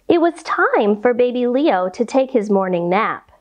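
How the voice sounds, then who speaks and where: A woman's voice: mid-range voice, muffled recording. A young adult woman leading a children's yoga storytime, reading aloud and giving playful movement cues with animal sounds. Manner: animated, slow, playful sound effects for kids.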